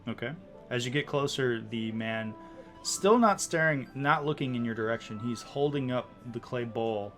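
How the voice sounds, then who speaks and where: A man's voice: mid-range voice, moderate pace, a bit bright, faint music behind. A man running a tabletop game as dungeon master, narrating scenes in a loose, descriptive way with many likes and ums.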